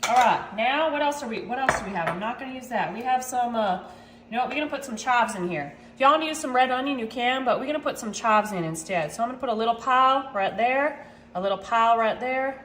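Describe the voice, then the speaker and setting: A woman's voice: on the high side, lively intonation, fast talker, a bit bright, slight background noise. A woman hosting a casual cooking demonstration in her home kitchen, chatting to viewers and calling them y'all as she goes. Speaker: cooking channel host. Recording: echoey kitchen with clattering dishes.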